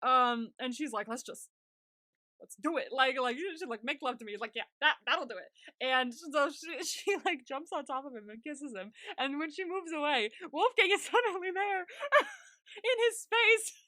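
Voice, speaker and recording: A woman's voice: high voice, expressive, bright, forceful tone, dry recording, clean studio sound. A woman co-hosting a podcast, recapping an episode in casual chat, giggling often and acting out characters' lines. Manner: giggly, acts out characters' lines in quick impressions. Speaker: podcast co-host.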